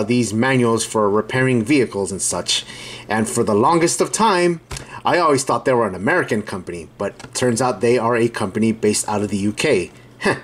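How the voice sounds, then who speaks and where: A man's voice: lowish voice, a little hiss or hum. A man hosting a casual unboxing and review, rambling, correcting himself and chuckling as he reads the box aloud. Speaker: channel host reviewing a build kit.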